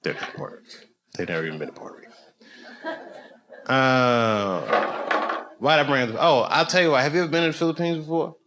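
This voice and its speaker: A man's voice: mid-range voice, a little fast, pauses often. A man doing stand-up crowd work on a comedy club stage, telling loose stories with lots of laughter and swearing. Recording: live club recording with crowd noise.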